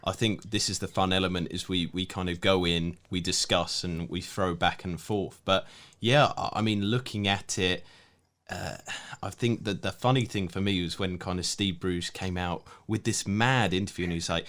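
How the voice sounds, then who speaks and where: Low voiced guy chatting on a footy podcast, laughs a lot, relaxed. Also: normal speed. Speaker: podcast co-host, football pundit. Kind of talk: casual podcast chat.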